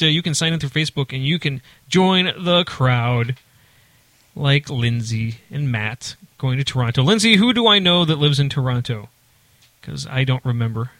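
A man's voice: medium pitch, expressive, moderate pace, a bit bright, no room sound. A man hosting a casual podcast chat, joking around and reading listener chat messages aloud. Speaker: podcast host.

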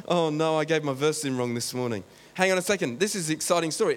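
A man's voice: a little high, expressive, fast, hardly any pauses. A man preaching a sermon in a chatty, joking way, often breaking off to talk to the congregation. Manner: chatty, joking, self-interrupting.

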